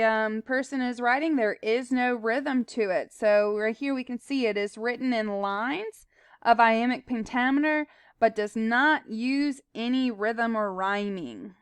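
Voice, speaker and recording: Smooth-voiced woman teaching. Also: fairly high pitch, slow, no echo. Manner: explains plainly, with fillers and asides. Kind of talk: recorded slide lesson.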